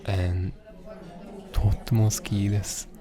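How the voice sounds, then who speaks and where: A young man in a whispered role-play as a teasing, affectionate boyfriend teaching Japanese, talking softly with frequent laughs. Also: on the low side, flat delivery, normal speed, crowd noise, lightly acted. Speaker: ASMR roleplay creator. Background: background music.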